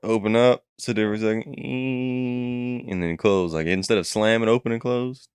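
Young guy rambling through a wild story, lotta cursing, lowish smooth voice, dry sound. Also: fairly quick, no echo. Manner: profane, animated storytelling with acted quotes. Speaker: storyteller recounting a dream. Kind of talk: casual chat.

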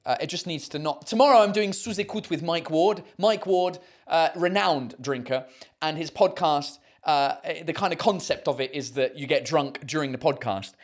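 A man's voice: fairly high pitch, moderate pace. Rambling man chatting. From United Kingdom. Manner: rambling, swearing, many fillers. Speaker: host. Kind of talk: casual livestream chat.

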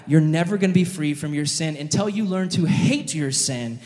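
A man preaching an animated, jokey sermon, addressing his audience directly as he tells a story. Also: high voice, normal speed, hardly any pauses. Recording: long hall reverb.

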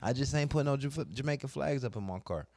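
A man's voice: medium pitch, lively intonation, fast, a little mellow, dry recording, clean studio sound. A man joking around in casual, crude banter with a friend. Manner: joking, crude banter, breaks into mock Jamaican lines. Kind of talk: casual chat.

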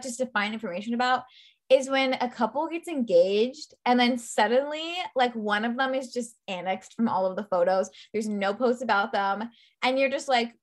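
A young woman co-hosting a casual podcast, animated and gossipy. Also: a little high, normal speed. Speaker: podcast co-host. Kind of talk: casual chat.

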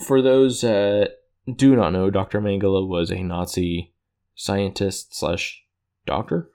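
A man with a low, warm, steady voice casually recaps episodes of a show at a slow pace. He rambles, corrects himself, and chuckles at his own retelling.

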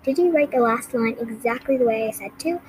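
A woman reads a defensive teenage schoolboy for a storybook, fairly high voice. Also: fairly quick, a little mellow, a little hiss or hum, close to an everyday voice, poor audio. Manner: defensive and pleading.

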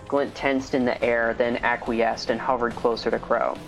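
A man co-hosting a podcast, reading a story aloud in a steady storytelling manner. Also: mid-range voice, normal speed, vocal fry, hardly any pauses, over music. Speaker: podcast co-host. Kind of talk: reading fan fiction aloud.

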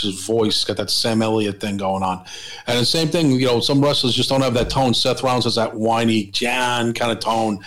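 A man's voice: mid-range voice, low-quality recording. A man co-hosting a wrestling podcast, rambling emphatically and challenging listeners to be honest. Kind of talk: casual opinionated podcast commentary.

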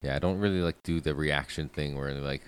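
Man, very low voice, podcast co-host, casual chat, laid-back, swears a lot. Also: a little fast, slight background noise. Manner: laid-back, swears often, laughs easily.

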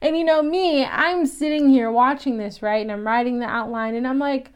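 Chatty woman recapping an episode, smooth voice. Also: high-pitched, moderate pace. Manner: chatty and animated, laughs often, acts out quoted lines.

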